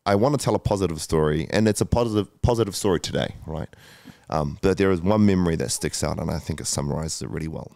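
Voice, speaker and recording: A man's voice: sits low, fast talker, creaky, few pauses, a little mellow, no room sound, clean studio sound. A man, a guest telling a candid personal story, emotional, swearing often and using many fillers. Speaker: guest entrepreneur.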